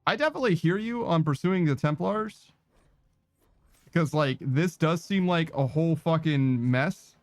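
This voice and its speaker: A man's voice: fairly high pitch, expressive, normal speed. A man commenting as he plays a video game, sardonic and full of profanity, rambling from one gripe to the next. His voice has a dry, close sound with no room echo. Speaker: gaming streamer. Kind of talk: let's play commentary.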